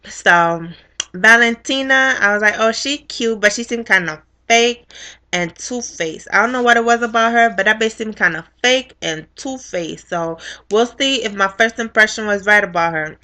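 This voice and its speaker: Bright, blunt young woman vlogger. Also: mid-range voice, normal speed. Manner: blunt, profane, animated storytelling. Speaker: reality show reviewer. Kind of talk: casual recap vlog.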